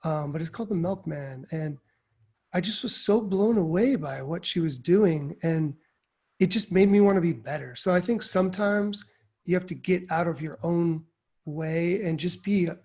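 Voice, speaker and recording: A man's voice: a little high, moderate pace, darkish tone. A man on a writing faculty panel, talking about his craft in a reflective, earnest way with frequent fillers over a video call. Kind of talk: casual panel discussion.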